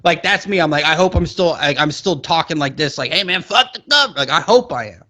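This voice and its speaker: Young male podcast co-host, slightly higher voice, animated ranter, casual political banter. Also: a little fast. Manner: animated, rants with rising pitch and mock quotes.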